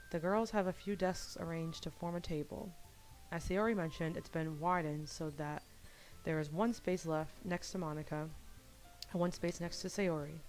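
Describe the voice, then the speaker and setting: A woman's voice: deep voice, a little mellow, rough recording. A young woman gaming youtuber reading a visual novel aloud in a casual first-person narration, at a desk mic at home.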